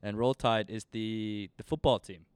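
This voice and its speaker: A man's voice: on the low side, unhurried, clean tone, no room sound. Young Canadian guy, casual podcast storyteller, slangy and rambling, clean resonant voice. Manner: rambling, slangy, animated retelling with quoted voices.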